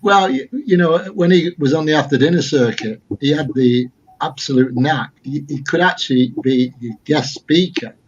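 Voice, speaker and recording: A man's voice: on the high side, moderate pace, slightly rough, muffled recording. A man speaking as a guest on a casual panel discussion, a chatty anecdote teller who often restarts his sentences. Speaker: guest, football author and historian.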